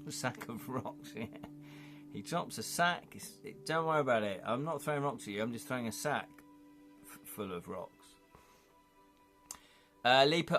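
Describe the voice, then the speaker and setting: A man's voice: medium pitch, lively intonation, moderate pace, fairly bright tone, soft background music. A man hosting a live-streamed interactive gamebook, chatty and rambling as he reads chat comments aloud and asks viewers to vote.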